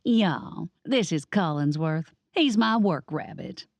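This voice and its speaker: A woman's voice: on the low side, expressive, takes it slowly, gravelly, a little mellow, no room sound, full character voice. A woman voicing a sweet, vacant bakery owner in an audiobook. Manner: sugary, vacant, drawling.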